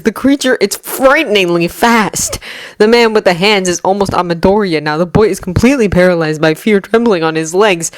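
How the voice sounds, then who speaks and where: Woman, fanfic narrator, low pitch, measured, dry sound. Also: no echo. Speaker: fanfiction reader. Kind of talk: audiobook narration.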